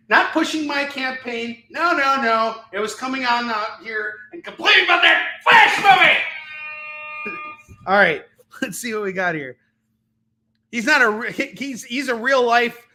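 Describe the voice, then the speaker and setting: A man hosting a live comic-selling stream, animated and ranting, often breaking into laughter. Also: sits high, far from the mic. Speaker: live shopping show host selling comics. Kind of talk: live-stream sales chat and rant. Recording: echoey room.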